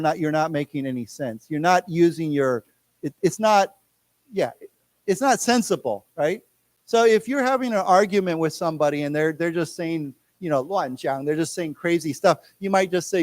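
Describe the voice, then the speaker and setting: A man with an American accent teaching a live English class, chatting loosely with many restarts and saying words slowly for the class to repeat. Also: on the high side, darkish tone, dry recording. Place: lecture room.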